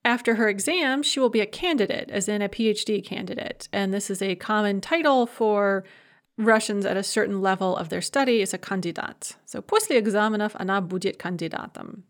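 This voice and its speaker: A woman giving a recorded language lecture, explaining grammar clearly and reading example sentences aloud. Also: mid-range voice, a little fast.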